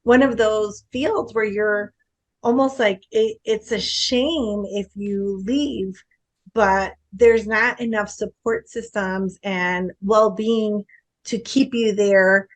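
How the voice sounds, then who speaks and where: A woman who is a guest author on a podcast about education, telling stories in an animated way and acting out what people said. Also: medium pitch, slow. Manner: animated storytelling, acts out quoted speech. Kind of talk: casual podcast conversation.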